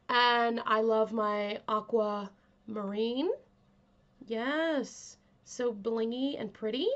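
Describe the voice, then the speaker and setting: A woman hosts her own channel with a gentle, chatty delivery full of fillers and asides. Her voice sits a little high and sounds stuffy from a cold. The recording is muffled and lo-fi. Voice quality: aims to sound calming and kind. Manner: chatty, soft, filler-heavy. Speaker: vlog host. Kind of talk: casual chat to camera.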